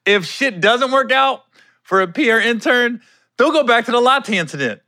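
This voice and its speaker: A middle-aged man hosts his own podcast in a studio, chatting casually alone and telling stories full of laughter and quoted voices. His very high-pitched voice is animated, pushed, and bright, at a normal pace. The studio podcast mic captures no room sound.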